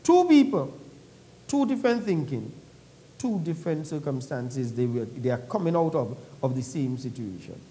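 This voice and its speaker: A man's voice: medium pitch, very animated, normal speed, mellow. A man preaching a sermon in church, reading scripture aloud and explaining it in a conversational way, with questions to the congregation.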